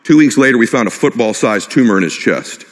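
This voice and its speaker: A man's voice: mid-range voice, lively intonation, brisk. Impassioned middle-aged man in a reverberant hall. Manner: impassioned, personal, repeating short phrases. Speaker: motivational speaker. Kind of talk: motivational stage talk.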